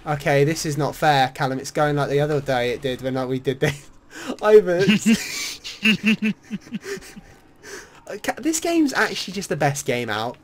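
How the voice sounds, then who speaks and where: Excitable young gamer guy. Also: a little high, brisk, few pauses, a little hiss or hum. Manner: excitable, swears freely, laughing banter. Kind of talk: casual gaming commentary.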